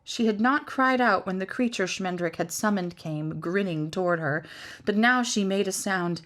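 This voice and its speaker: The passage comes from a fantasy novel, narrated by a woman whose mid-range voice stays measured yet expressive as she tells the tale.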